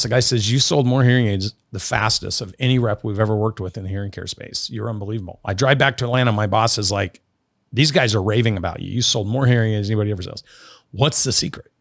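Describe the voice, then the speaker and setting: A man's voice: fairly low pitch, fast talker, gravelly, dry recording, studio quality. A middle-aged man from Oregon, a business guest in an interview, telling stories and acting out the dialogue. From Oregon, USA. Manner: animated storyteller, acts out quoted dialogue. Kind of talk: storytelling interview.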